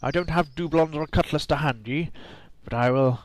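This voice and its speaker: A man's voice: on the high side, brisk, no echo, close to an everyday voice, low-quality recording. A man reading a game's dialogue aloud, voicing a boastful, rum-loving old male pirate with growled "arr"s. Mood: blustering pirate.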